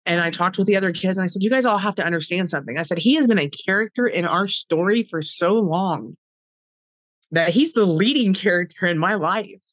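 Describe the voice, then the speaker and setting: A woman's voice: fairly low pitch, brisk, no echo, poor audio. A middle-aged woman, a podcast guest, telling a personal story with heartfelt earnestness, acting out past conversations in quoted dialogue.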